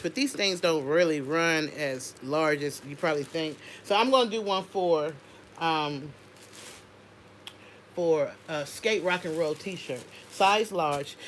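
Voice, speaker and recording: A woman's voice: on the low side, a little hiss or hum. A woman hosting an unscripted livestream, chatting casually and talking straight to her viewers. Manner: animated, chatty, addresses viewers directly. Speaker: livestream host.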